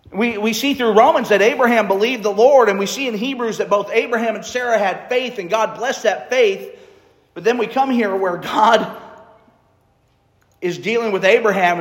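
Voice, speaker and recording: Man, preacher, conversational sermon, scripture reading, long hall reverb. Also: high voice. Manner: conversational, reads scripture aloud.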